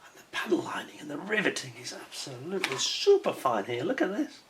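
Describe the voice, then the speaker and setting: A man's voice: on the high side, sing-song, a little fast, very noisy. Chatty man reviewing a model kit. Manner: chatty and admiring, with wry self-mocking asides. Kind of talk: casual hands-on product review.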